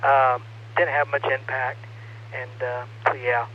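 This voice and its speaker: A man on an amateur radio net, chatting casually in a relaxed, hesitant way with many fillers. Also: medium pitch, takes it slowly. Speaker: ham radio net participant. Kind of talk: casual on-air chat over radio. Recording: muffled radio audio with loud static.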